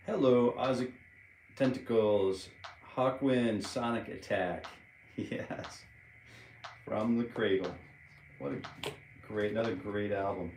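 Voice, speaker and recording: Man, guitar teacher, casual live-stream lesson, rambling and chatty, counts rhythms aloud, fairly low voice, phone mic, roomy echo. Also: a little hiss or hum. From United States. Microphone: phone propped up. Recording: roomy echo under loud guitar playing.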